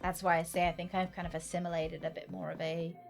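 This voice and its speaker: A woman's voice: lowish voice, flat delivery, fast, gravelly, soft background music. A British woman with a somewhat posh accent chatting and joking casually while streaming a game. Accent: British English, somewhat posh. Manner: chatty, jokey, laughs often. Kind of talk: casual gameplay chat.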